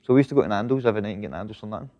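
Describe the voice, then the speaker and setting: Here a Scottish boxer in his thirties talks loosely as an interview guest, cursing openly and leaning on fillers like "mate" and "know what I mean." He sounds animated and races along in a lowish voice. The audio has its highs cut off and a long reverb.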